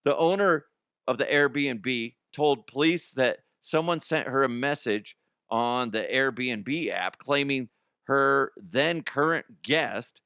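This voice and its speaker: A man's voice: medium pitch, slow, bright, forceful tone, clear, resonant tone, dry recording, clean studio sound. A middle-aged man hosting a comedy news show, rambling casually with profanity and lots of restarts.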